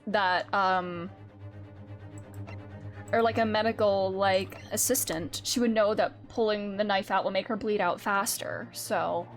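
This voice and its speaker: A woman's voice: mid-range voice, fairly even intonation, a little slow, faint music behind. A woman streamer chatting casually and rambling while she plays a courtroom game.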